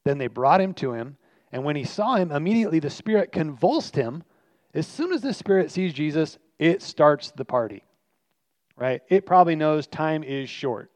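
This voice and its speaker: A man's voice: on the high side, animated, moderate pace, darkish tone, no room sound. A man preaching a sermon as pastor, earnest and emphatic, repeating his key lines for weight. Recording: dry, slightly muffled recording.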